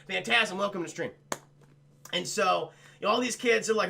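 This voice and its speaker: A man's voice: high-pitched, fairly quick, vocal fry, pushed and bright. A man streaming a crude, rambling film recap for his chat, full of swearing and mocking impressions.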